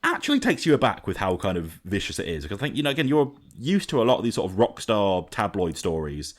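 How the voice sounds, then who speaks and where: Low-voiced man reviewing an album. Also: fast. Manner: animated, lots of fillers and restarts. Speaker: podcast host. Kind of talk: casual album review chat.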